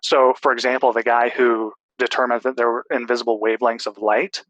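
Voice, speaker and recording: A man's voice: medium pitch, flat delivery, fairly quick, a bit bright, dry recording, rough recording. A man in a casual discussion, explaining at length with restarts and fillers.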